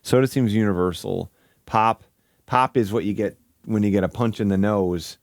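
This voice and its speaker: A man from Michigan chatting casually on a live stream, goofy and crude, rambling with giggles and sudden high yelps. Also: fairly even intonation, normal speed, no room sound, studio quality.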